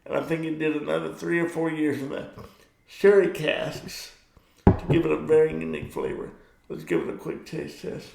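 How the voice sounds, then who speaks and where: A middle-aged man hosts his own casual monologue, rambling from one thing to the next and getting heated about sports. His voice has a gravelly edge and sits a little high for a man. The sound carries a noticeable room echo. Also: expressive, normal speed, darkish tone, slight background noise. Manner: chatty, rambling, gets worked up about sports. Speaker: vlog host.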